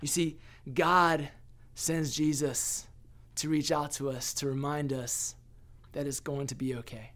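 A man's voice: a little high, flat delivery, a little slow, a bit bright. A young man giving an earnest sermon as a pastor, often restarting and repeating words.

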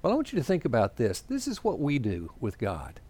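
A man preaching in an easy, conversational way, with plenty of pauses and small fillers. His voice sits in an ordinary middle register. He works through his points step by step as he draws a diagram. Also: mid-range voice, wildly swooping pitch, darkish tone. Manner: explains points while drawing a diagram. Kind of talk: sermon with storytelling.

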